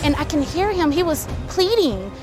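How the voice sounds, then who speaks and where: A woman eyewitness giving personal testimony in a slow, shaken and heartfelt way. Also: high-pitched, sing-song, over loud music. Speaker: eyewitness interviewee.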